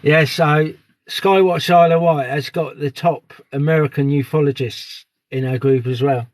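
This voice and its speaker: A man's voice: a little high, fairly even intonation, normal speed. A man live streaming outdoors at dusk on a phone, chatting casually and greeting viewers by name. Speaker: live streamer on a sky watch.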